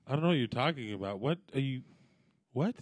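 A man co-hosting a podcast, teasing and deadpan in crude casual banter. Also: medium pitch, fast talker, dry recording. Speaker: podcast co-host.

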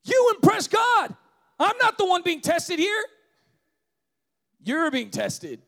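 A male pastor preaching a sermon with passion, often shouting, and checking in with the congregation with quick "right?" tags. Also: extremely high pitch, sing-song, creaky.

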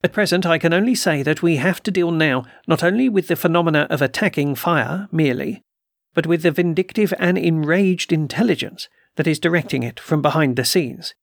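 A man voicing a calm, measured occult doctor who speaks quietly and with slow deliberation in an audiobook reading. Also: fairly high pitch, creaky, no room sound, clean studio sound.

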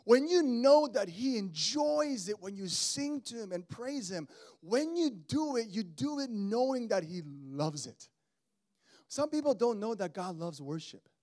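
A man in his thirties preaching a sermon in an animated, conversational way, calling out to the congregation. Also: high-pitched, a little slow. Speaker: pastor.

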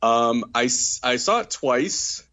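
A man co-hosting a podcast in casual chat, rambling with many fillers and quick giggles. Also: mid-range voice, expressive, bright, forceful tone, muffled recording. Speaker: podcast co-host.

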